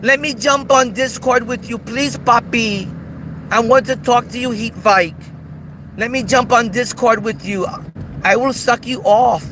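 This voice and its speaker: A man putting on a whiny, shrill, pleading voice for a mocking impression of another grown man. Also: a little slow, background noise.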